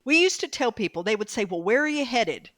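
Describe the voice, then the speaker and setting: A woman's voice: on the high side, very animated, fairly quick, a bit bright, no echo. Emotional woman telling her story. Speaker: author and guest. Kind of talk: casual podcast interview.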